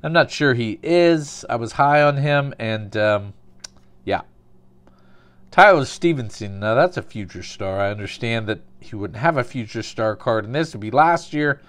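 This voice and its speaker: A man's voice: mid-range voice, animated, moderate pace. A man casually narrating a card opening, calling out cards and telling dry, absurd little stories between pulls.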